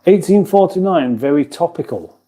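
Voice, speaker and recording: A man's voice: a little high, expressive, normal speed, mellow. A man hosting a casual kitchen livestream, chatting loosely and reading out viewer comments, often chuckling and breaking off his own sentences. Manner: rambling, chuckling, self-interrupting. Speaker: livestream host. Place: home kitchen.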